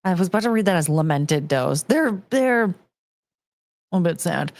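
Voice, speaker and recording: Animated, ranting American woman streamer. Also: lowish voice, moderate pace, dry recording. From United States. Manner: ranting, profane, talks to chat. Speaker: streamer host. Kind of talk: casual livestream chat.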